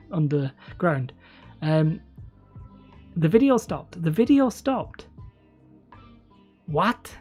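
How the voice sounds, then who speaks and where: A woman's voice: on the low side, warm tone, breathy edge. A woman chatting casually on a live stream from home, rambling and laughing often as she talks.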